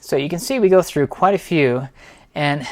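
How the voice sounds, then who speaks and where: A man's voice: on the high side, moderate pace. A middle-aged man, a piano teacher, walks through a series of beginner pieces in an enthusiastic, explanatory way. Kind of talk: instructional walkthrough.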